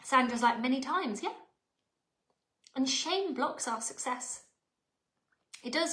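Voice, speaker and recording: A woman's voice: high voice, animated, slow pace, pauses often, pushed and bright. A woman in her thirties with an English accent, giving a chatty, emphatic live workshop talk as a mindset coach and often checking in with her viewers. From England. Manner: chatty and emphatic, often asking the audience "right?". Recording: roomy echo.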